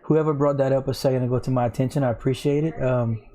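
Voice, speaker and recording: A man's voice: mid-range voice, fairly even intonation, fast talker, warm tone. Tired, rambling man streaming. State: tired from lack of sleep. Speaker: crypto livestream host. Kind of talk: casual live-stream chat.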